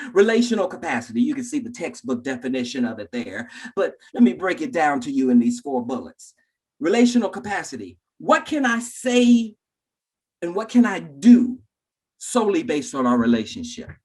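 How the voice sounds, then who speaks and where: A man's voice: fairly high pitch, sing-song, moderate pace, darkish tone, breathy edge. A man giving a keynote talk to teachers, telling stories dramatically, acting out voices and addressing the audience directly. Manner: dramatic storyteller who acts out voices. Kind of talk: animated keynote storytelling.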